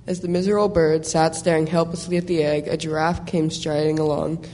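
A man reading a children's animal story aloud, steady, sometimes repeating a phrase. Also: a little high, a little fast. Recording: long hall reverb.

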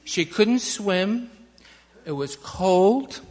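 Slow gentle storyteller talking to kids, big church reverb. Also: mid-range voice, lively intonation, a little hiss or hum. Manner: slow, questioning the children, dramatic pauses. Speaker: children's message speaker. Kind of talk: storytelling to children in a service. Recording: long reverb, large hall.

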